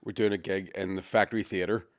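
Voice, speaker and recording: A man telling a rowdy story in casual podcast chat, swearing constantly and shouting out the lines of the people in it. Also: sits low, brisk, no room sound, studio quality. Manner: swears a lot, lively storytelling with shouted impressions. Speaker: comedian podcast co-host.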